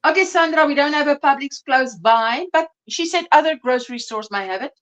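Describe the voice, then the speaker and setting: A woman's voice: high-pitched, animated, brisk, a bit bright. A South African woman hosting a casual livestream chat, chatty and laughing often as she reads viewer comments aloud. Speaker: livestream host.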